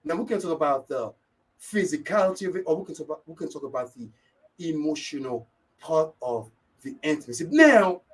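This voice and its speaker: High-voiced man hosting live radio. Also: a little fast, slightly rough, far from the mic, poor audio. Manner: energetic, keeps repeating "yes, indeed". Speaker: radio talk show host. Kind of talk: live radio talk and shout-outs.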